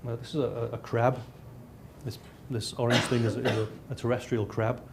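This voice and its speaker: A man's voice: medium pitch, level tone, moderate pace, very noisy. Man lecturing with dry humour. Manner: frequent restarts, dry self-mocking humour. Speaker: lecturer and researcher. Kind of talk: lecture with slides.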